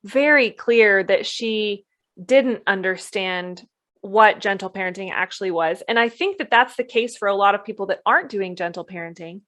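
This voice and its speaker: A woman co-hosting a parenting podcast in a relaxed, conversational way. Her voice sits at an ordinary middle pitch. She keeps it chatty and now and then slips into playful voices to quote others. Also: moderate pace. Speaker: podcast co-host.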